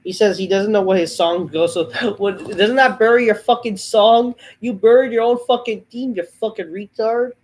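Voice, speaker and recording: A man's voice: high-pitched, normal speed, few pauses, low-quality recording. A man hosting a wrestling review show, ranting in a profane, exasperated way while feeling under the weather, his voice a bit off.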